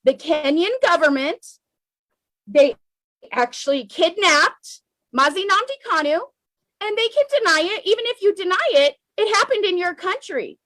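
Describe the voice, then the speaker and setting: An American woman with a very high voice delivers an emotional political monologue straight to her audience. She is fiery and insistent, repeating lines to drive them home. The recording is dry and close, with no room echo. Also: animated, moderate pace, a bit bright. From United States. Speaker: political commentator. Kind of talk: impassioned political monologue to camera.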